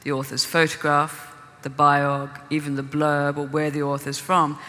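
Woman novelist on a panel, bright-toned, casual, self-correcting, long hall reverb. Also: low-pitched, flat delivery, normal speed. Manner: thinking aloud with restarts, laughs readily. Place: conference hall.

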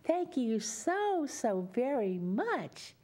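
A woman from Louisiana with a Louisiana accent tells a children's story at story time. Her voice is mellow and swoops up and down in a sing-song lilt as she coaxes little listeners to join in. She takes her time, unhurried and gentle. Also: sits high, big pitch swings. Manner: sing-song, coaxing, speaks to young children.

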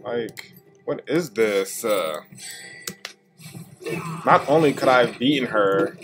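A man's voice: mid-range voice, takes it slowly, music in the background. A man streaming a video game live, complaining and swearing in casual commentary. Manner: exasperated, profane trash talk. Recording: noisy stream audio with clicks.

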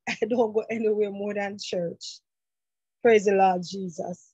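A woman's voice: medium pitch, fairly even intonation, takes it slowly, dark tone, breathy edge, no room sound, lo-fi sound. A middle-aged woman exhorting a congregation, fervent and fond of repeating "praise the Lord" and "brethren.". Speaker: church member giving a testimony. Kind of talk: church exhortation. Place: church sanctuary.

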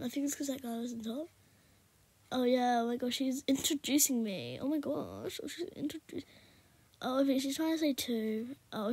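British female gaming vlogger, chatty, low half-whisper, slightly high voice. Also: husky, no room sound. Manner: often speaks in a hushed half-whisper; rambling and chatty, talking to viewers. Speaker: gaming YouTuber. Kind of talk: casual gameplay commentary.

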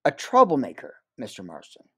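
A man's voice: medium pitch, huge pitch swings, fairly quick, breathy edge, exaggerated voice. A man doing a stiff, curt company agent. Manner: clipped, formal.

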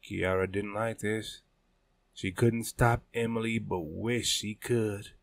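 A man narrating a story in a measured, deliberate reading style. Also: on the low side, steady tone, creaky, dry recording. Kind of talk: scripted audiobook narration.

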